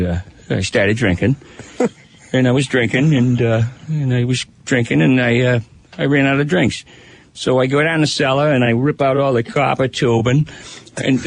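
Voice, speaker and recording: A man's voice: medium pitch, lightly acted. A man voicing a rambling, hard-drinking middle-aged man telling his story at a recovery meeting.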